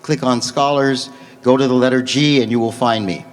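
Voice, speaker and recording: A man giving a lecture and answering audience questions in a measured, explanatory way. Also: medium pitch, fairly even intonation, soft background music. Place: large conference hall. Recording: long hall reverb.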